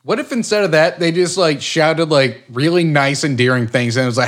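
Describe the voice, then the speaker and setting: A man co-hosting a casual podcast, jokey and quick to slip into goofy voices. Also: on the high side, fairly bright tone. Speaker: podcast co-host.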